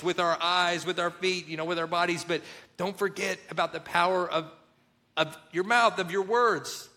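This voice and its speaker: A man's voice: a little high, pushed and bright. A man co-hosting a faith-based marriage talk, speaking earnestly and telling stories with acted-out quotes. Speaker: co-host of a marriage show.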